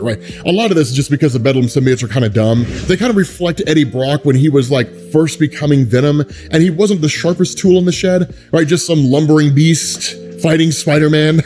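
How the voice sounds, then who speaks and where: A man's voice: on the high side, darkish tone. A man in a casual, conversational style, explaining a comic book story and often adding asides like "right?". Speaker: comic book recap host.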